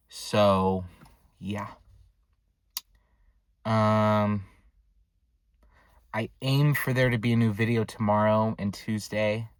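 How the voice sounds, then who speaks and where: A young man telling a casual story for his vlog, rambling with lots of filler words, recorded in a dark room at home. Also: mid-range voice, smooth, no echo. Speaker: vlogger.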